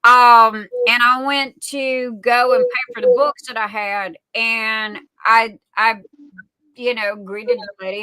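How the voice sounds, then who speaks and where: Lady rambling stories on a live stream, bright voice, dry close mic, keeps repeating herself. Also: fairly high pitch, measured pace, no room sound, poor audio. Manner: folksy, repeats and restarts words. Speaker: livestream guest. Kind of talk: casual storytelling chat.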